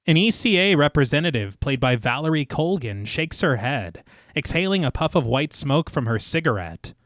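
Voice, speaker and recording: A man's sing-song, slightly bright voice moves at normal speed in a dry, studio-quality recording. Co-hosting a podcast, he gives a scripted film recap with dramatic storytelling and casual asides, reading quotes in a lowered voice and laughing at his own jokes.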